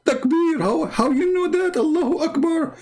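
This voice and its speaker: A man mocking an outraged male heckler, his voice pushed far up into a shrill, accusing yelp. It sounds indignant and excitable. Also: moderate pace.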